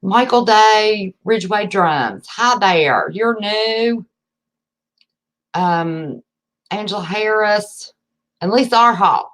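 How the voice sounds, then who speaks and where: A woman's voice: mid-range voice, a bit bright. A woman with an Appalachian accent hosting a casual livestream from home, chatty and folksy, greeting viewers by name and calling them honey. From West Virginia. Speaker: livestream host.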